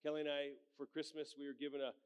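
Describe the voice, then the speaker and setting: A man's voice: on the high side, quick pace, clear, resonant tone. Folksy older man preaching a sermon. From Colorado. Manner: folksy, energetic, with frequent call-and-response "Amen?". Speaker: pastor. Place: church sanctuary.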